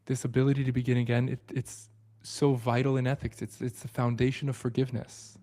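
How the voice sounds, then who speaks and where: A man hosting a livestream book study, talking in an earnest, reflective way and often dropping to a soft, low voice. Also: little pitch movement, a little fast.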